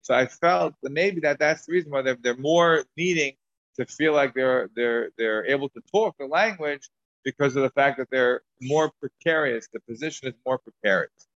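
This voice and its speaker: A man's voice: medium pitch, moderate pace, fairly bright tone, dry recording. A man teaching a Talmud class, rambling through asides and restarts. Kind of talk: Talmud lesson lecture. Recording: dull dry lo-fi recording.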